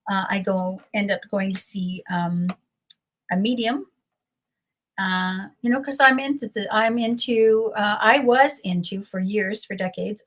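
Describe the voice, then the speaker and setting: A woman's voice: medium pitch, a bit bright. A middle-aged woman telling a personal story as an interview guest over a video call from home, earnest and emotional, wandering as she talks. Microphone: computer mic on a video call.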